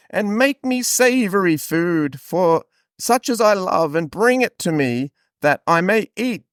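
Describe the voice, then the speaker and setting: A man voicing a frail, blind old man in a slow, quavering voice during a comedic Bible reading. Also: high-pitched, no room sound, studio quality, voice pushed up, heavily acted.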